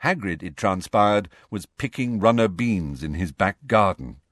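Low-voiced male audiobook narrator. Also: lively intonation, unhurried, dry recording, clean studio sound. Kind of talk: scripted narration.

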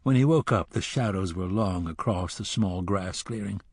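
A man reading an audiobook novel in measured narration, dropping to a hush at times. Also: sits low, husky, no room sound, clean studio sound.

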